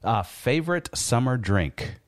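A man hosting a podcast, upbeat and quick with reactions. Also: mid-range voice, lively intonation, background noise. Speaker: podcast host. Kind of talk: casual interview chat.

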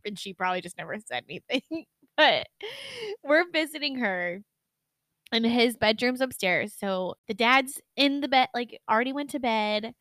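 Young woman, animated storyteller, bright tone, dry close sound, swears and laughs. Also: a little high, moderate pace, no room sound. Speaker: podcast co-host. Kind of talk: casual chat.

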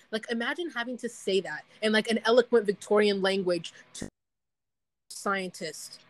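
A woman's voice: medium pitch, normal speed, no echo, poor audio. A woman co-hosting a casual chat, giggling often and rambling as she loses her thread. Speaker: podcast co-host.

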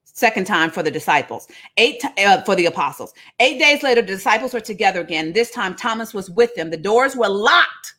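A woman's voice: medium pitch, lively intonation, brisk, bright, forceful tone. A woman leading a casual livestreamed Bible study, teaching with playful, slangy asides.

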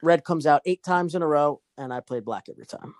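A man's voice: on the high side, fairly quick, no room sound. A young man casually telling a long, profane gambling story to a friend.

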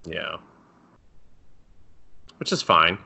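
A man's voice: sits low, very slow, creaky. A man co-hosting a podcast in casual chat, recapping a show, laughing, swearing and acting out quoted characters. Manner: animated, playfully acts out quoted characters, swears and laughs often. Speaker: podcast co-host.

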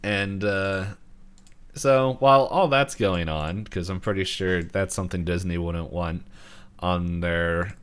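A man's voice: low voice, slow, a bit bright, smooth. A man co-hosting a podcast, casually recapping a cartoon episode, rambling, laughing often and acting out quotes. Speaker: podcast co-host.

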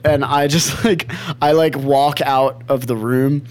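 A man's voice: medium pitch, a little slow, few pauses. A man co-hosting a podcast in casual chat, telling stories with lots of laughter, acting out quotes and swearing freely. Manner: animated storyteller, laughs often, acts out quotes. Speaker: podcast co-host.

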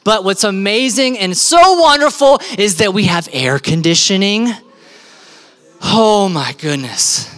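A young man preaching a sermon in an animated, joking style, laughing often. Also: sits high, unhurried. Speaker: pastor. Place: church stage.

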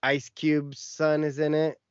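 A man's voice: a little high, little pitch movement, slow, clear, resonant tone, no room sound, highs cut off. A man co-hosting a podcast, telling a long story in casual chat with lots of fillers. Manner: rambling storytelling with many fillers. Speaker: podcast co-host.

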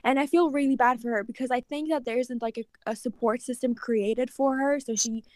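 A woman's voice: a little high, fairly even intonation, a little fast, no room sound. A woman in her twenties, co-hosting a podcast in casual chat, talking emphatically and with empathy. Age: 20s. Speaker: podcast co-host.

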